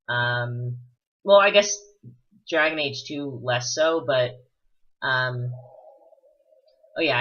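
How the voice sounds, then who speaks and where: A man's voice: mid-range voice, pushed and bright. A man giving rambling, casual let's-play commentary full of fillers and the odd swear word. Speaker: gameplay commentator. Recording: dull lo-fi recording.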